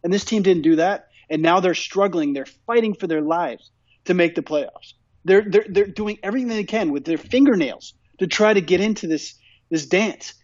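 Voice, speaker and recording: A man's voice: sits high, moderate pace, no room sound, muffled recording. A man co-hosting a sports podcast, ranting emphatically and repeating his points in casual chat. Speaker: podcast co-host.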